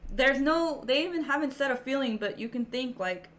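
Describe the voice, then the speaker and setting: A woman's voice: sits high, animated, moderate pace, a bit bright. A woman co-hosting a podcast in casual chat, explaining ideas step by step with examples. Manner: explanatory, walks through steps with examples. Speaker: podcast co-host.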